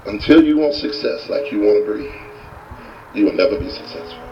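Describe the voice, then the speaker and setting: A man doing a solemn, deep-voiced guru. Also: animated, lightly acted. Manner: slow, solemn. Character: calm, wise old male guru. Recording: distant, dull, faint hiss.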